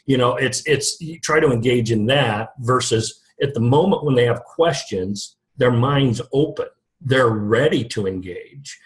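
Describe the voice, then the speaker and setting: A man's voice: mid-range voice, measured pace. A middle-aged man talking shop as an interview guest. He keeps it loose and conversational, restarts his sentences often, and laughs at his own jokes. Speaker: guest, lead generation company founder. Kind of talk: casual interview talk.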